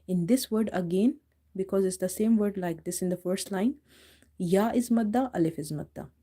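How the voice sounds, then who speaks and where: A woman teaches Quran recitation in a live-streamed lesson. She breaks each word into its letters, repeats them patiently, and speaks English with small slips. Her voice is mellow and warm, at an ordinary pitch for a woman. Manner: patient, spells out letters slowly and repeats words.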